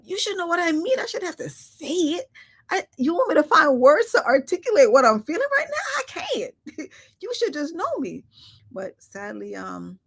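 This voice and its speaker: A woman's voice: mid-range voice, creaky. A woman talking candidly in a reflective personal live stream, often laughing and acting out her own quoted remarks.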